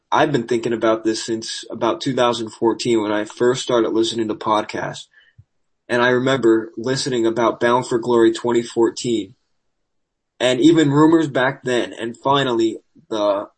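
A man's voice: mid-range voice, steady tone, moderate pace, husky, poor audio. A man hosting a podcast, reading wrestling news with sarcastic asides, losing his voice. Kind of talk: casual news commentary.

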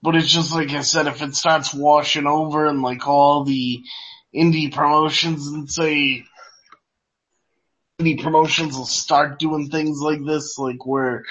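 A man's voice: fairly high pitch, steady tone, a little slow, fairly bright tone. A man co-hosting a casual wrestling chat, laid-back and drowsy, laughing easily. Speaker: podcast co-host. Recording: dull lo-fi audio.

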